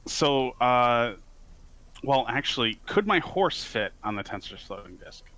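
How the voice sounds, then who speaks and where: A man's voice: mid-range voice, very animated, a little slow, fairly bright tone. A man playing in a tabletop game, playful and pushing for favorable rulings. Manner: playful, wheedling rules questions. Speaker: player. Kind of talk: casual tabletop play.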